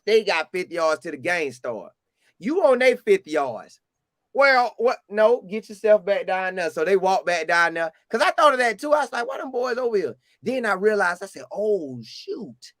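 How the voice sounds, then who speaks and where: Casting note: animated Southern storyteller, a man with a high voice, recorded dry and close. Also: no room sound. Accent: Southern US, Florida. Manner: animated, acts out quotes in a higher voice. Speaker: storyteller recounting a game visit. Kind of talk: casual storytelling.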